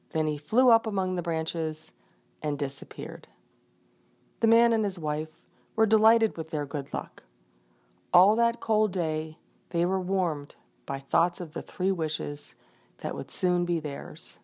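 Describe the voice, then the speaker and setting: A woman reading a folk tale aloud in an expressive storytelling manner. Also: fairly low pitch, slow pace. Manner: expressive, voices the characters.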